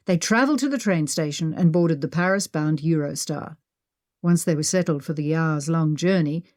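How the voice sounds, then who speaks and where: A woman narrating an adventure audiobook in a steady, measured manner. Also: low-pitched, no room sound, studio quality.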